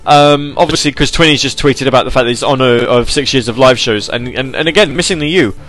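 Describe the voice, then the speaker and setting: A young British man hosts an internet radio show, talking quickly in a medium-pitched, slightly bright voice over soft background music. His casual live chat rambles and pokes fun at himself, and he sometimes slips into an announcer voice that has left his throat sore.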